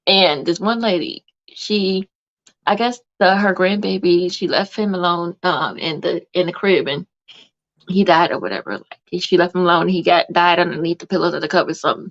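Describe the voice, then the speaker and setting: A woman's voice: on the low side, normal speed, dull audio. A woman hosting a casual live podcast, telling a long story in a rambling way with many fillers. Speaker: podcast host.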